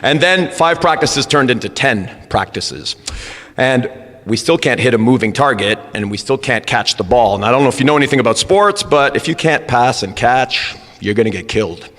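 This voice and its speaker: A man coaching rugby, telling a funny story in a lively way at a school assembly. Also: mid-range voice, moderate pace. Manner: humorous, animated storyteller. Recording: reverberant hall with faint background noise.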